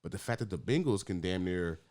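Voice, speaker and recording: Podcast co-host, man, low voice, animated casual rants. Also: a little fast. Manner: animated, swears freely, laughs. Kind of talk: casual sports chat.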